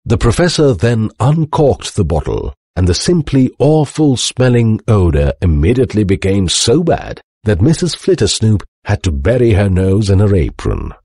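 A man reading a children's storybook aloud with animated, expressive narration. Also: fairly low pitch, normal speed, few pauses, breathy edge, no echo, studio quality. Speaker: storybook reader.

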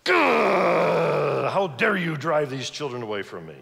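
A man voicing a furious rabbi who shouts indignant rebukes, with a long church reverb. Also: mid-range voice, big pitch swings, brisk, breathy edge, exaggerated voice. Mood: outraged.

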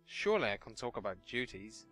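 Bright-voiced sardonic gaming man. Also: lowish voice, very animated, fairly quick, no room sound, faint music behind. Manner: sardonic, sweary, rambling. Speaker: let's play host. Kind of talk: casual gameplay commentary.

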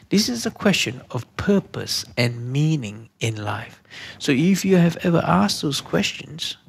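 A man's voice: medium pitch, vocal fry, husky. A man teaching a church course lesson, repeating each key question and checking in with "okay?" as he goes. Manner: slow emphatic delivery with hesitant restarts.

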